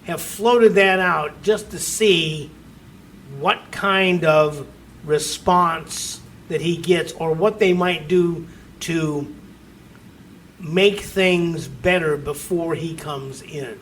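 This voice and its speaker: A man with a fairly high voice hosts a talk radio show, telling stories in a homespun, easygoing way. He often restarts his sentences and mimics the people he quotes. A faint hum of background ambience sits behind him. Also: drawn-out words, fairly bright tone. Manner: folksy storyteller, acts out quoted voices, frequent restarts. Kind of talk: casual talk radio chat.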